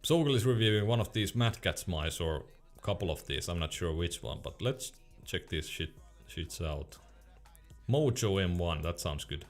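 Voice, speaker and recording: A man's voice: low voice, lively intonation, moderate pace, faint music behind. A young man streaming casually, reading chat questions aloud in a laid-back way and laughing often.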